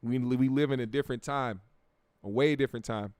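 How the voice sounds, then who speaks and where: A man's voice: medium pitch, fairly quick, a little mellow, smooth, no room sound. An American man hosting a casual livestream, reading viewer comments aloud in a laid-back, profane way and repeating words while he thinks. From United States.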